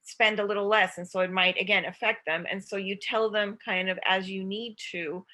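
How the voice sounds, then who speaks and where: A woman speaking as an expert guest, giving calm parenting advice and acting out what parents and children might say. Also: medium pitch, normal speed. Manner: acts out child and parent voices. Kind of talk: advice talk.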